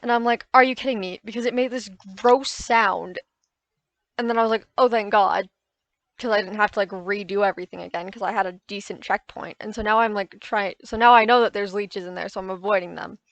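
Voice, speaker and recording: A woman's voice: mid-range voice, steady tone, a little fast, no echo. Woman gamer doing a casual, self-correcting voice-over. Close mic, dry and plain. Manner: rambling, self-correcting, recounting frustrations. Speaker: gaming YouTuber. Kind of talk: casual gameplay voice-over commentary.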